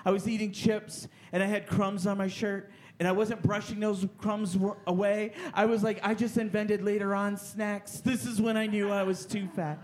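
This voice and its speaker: A man doing live stand-up on a comedy club stage, his voice sitting high. He talks loud and animated, poking fun at himself, through a handheld mic. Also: moderate pace, hardly any pauses. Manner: loud, animated, self-mocking. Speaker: comedy show host and comic.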